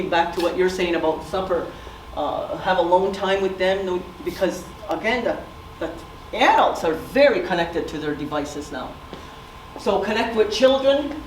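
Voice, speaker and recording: A woman's voice: medium pitch, lively intonation, moderate pace, a little hiss or hum. A middle-aged woman giving a community presentation, telling stories and asking the audience questions. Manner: storytelling, asks audience questions. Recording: echoey room from far off.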